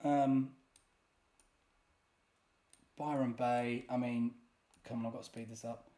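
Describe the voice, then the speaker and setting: A man's voice: medium pitch, little pitch movement, slow pace, mellow. A man giving casual, self-deprecating commentary while playing a geography guessing game, often muttering in exasperation. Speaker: gaming YouTuber.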